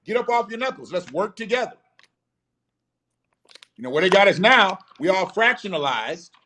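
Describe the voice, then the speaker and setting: A man's voice: high voice, sing-song, moderate pace, pushed and bright, a little hiss or hum. Blunt, profane man ranting on a live stream. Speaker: host of a live show.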